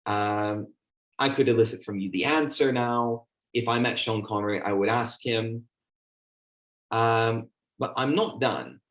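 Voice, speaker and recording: A man's voice: mid-range voice, measured pace, a bit bright. A man running an online teaching workshop, chatty and full of fillers, acting out how he talks to a class. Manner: chatty, filler-heavy, demonstrates classroom talk. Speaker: teacher trainer.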